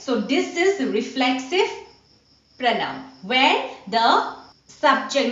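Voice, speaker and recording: A woman teacher giving an online grammar lesson, repeating points slowly and asking "what?" to prompt her students. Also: high voice, fairly bright tone. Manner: slow, repetitive teaching with rhetorical "what?" questions. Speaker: school teacher. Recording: dull, roomy recording from a distance.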